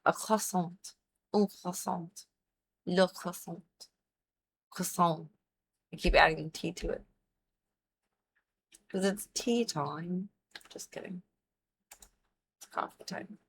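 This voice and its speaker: A woman's voice: lowish voice, fairly even intonation, slow pace, long pauses, slight background noise. Young woman streamer chatting while she plays, rambly and goofy, faint clicks behind her. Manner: chatty, rambling asides with playful silly sound effects. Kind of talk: casual gaming livestream chat.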